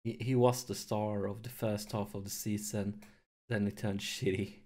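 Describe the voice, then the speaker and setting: Low-voiced man commentating his own game. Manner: excitable, nervous, talks to viewers; deliberately holds his voice down to avoid waking neighbors. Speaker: let's play host. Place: home, late in the evening.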